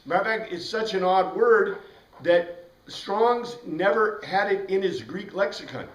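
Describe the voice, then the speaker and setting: A man's voice: high voice, expressive, measured pace. A man teaching a Bible class in a casual, rambling way, spelling out words letter by letter. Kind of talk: informal classroom lecture. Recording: roomy classroom heard from a distance.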